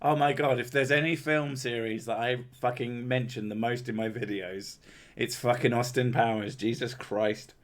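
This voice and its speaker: A man's voice: mid-range voice, fairly even intonation, moderate pace. Man with a southern English accent, near-posh, hosting a stream; loose, jokey and sweary. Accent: southern English, Home Counties. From Home Counties, England. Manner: swears a lot, loose and joking. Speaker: streamer host. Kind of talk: casual livestream chat.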